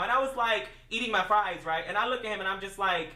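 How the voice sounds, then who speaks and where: A woman tells a story in a casual, slangy way and mocks herself as she goes. Her voice is high and bright and jumps around a lot. She sits a bit back from the mic in a room that echoes. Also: brisk, hardly any pauses, far from the mic. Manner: animated, slangy, self-mocking.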